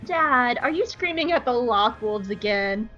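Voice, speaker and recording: A woman's voice: on the high side, lively intonation, unhurried, bright, forceful tone, highs cut off, soft background music, full character voice. A woman voicing an earnest teenage boy who leads the rebels.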